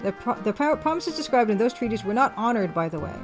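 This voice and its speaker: A woman voicing a soft-spoken man who calmly explains a grievance in a story game. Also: fairly high pitch, fast, music in the background. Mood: earnest.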